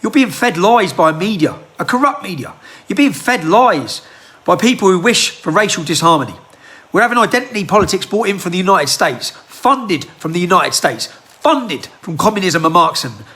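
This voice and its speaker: A man's voice: high-pitched, sing-song, moderate pace, fairly bright tone. A man, delivering a heated rant full of rhetorical questions into a handheld phone. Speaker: political commentator. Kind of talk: impassioned monologue to camera.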